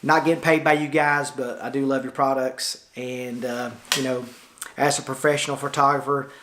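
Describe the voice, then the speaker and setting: A middle-aged photographer with a Tennessee Southern accent gives a casual, rambling vlog tour of his studio in a folksy, chatty, loose way full of fillers. His mid-range, fairly bright voice is flat and moderately paced, picked up on a camera-mounted shotgun mic in the studio lounge with slight background noise.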